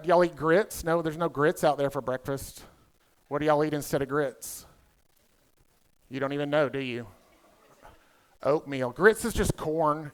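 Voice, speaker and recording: Southern man doing quick crowd work. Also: fairly high pitch, clear, resonant tone. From South Carolina. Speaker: emcee comedian. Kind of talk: stand-up comedy emcee. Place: conference hall stage.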